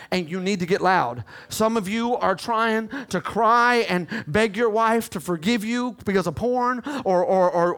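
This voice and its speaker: Male pastor, very high voice, emphatic sermon delivery with shouts and hushes, lots of "come on". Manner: emphatic preaching, swinging from shouts to hushed pleas; repeats short phrases, calls out "come on".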